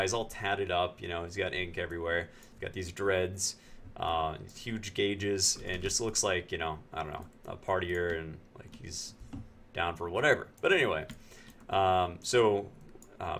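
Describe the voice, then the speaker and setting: A man from Pennsylvania, a game streamer, telling a story in a casual, animated way and acting out other people's lines. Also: deep voice, slight background noise.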